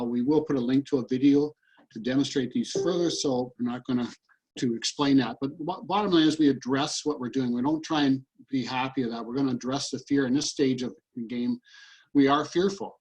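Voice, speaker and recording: A man's voice: mid-range voice, darkish tone, low-quality recording. A man coaching listeners through a tapping routine over a video call, repeating short statements in an earnest way. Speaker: EFT practitioner and coach. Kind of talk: guided tapping demonstration.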